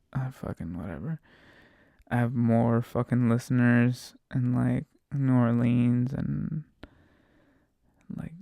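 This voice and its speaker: A man's voice: mid-range voice, creaky, darkish tone, no echo, clean studio sound. A man hosting a podcast, rambling through a rideshare story in casual, profanity-laden talk, often quoting himself. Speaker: podcast host and rideshare driver.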